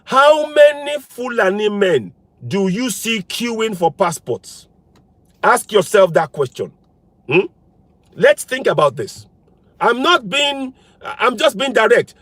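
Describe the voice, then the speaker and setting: A man with a high voice, delivering a fervent political monologue full of pointed, repeated questions. His pitch swings widely as he presses each point home. He is recorded close and dry. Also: very animated, slow, a bit bright, dry recording. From Nigeria. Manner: fires repeated rhetorical questions, insistent and emphatic. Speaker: political commentator.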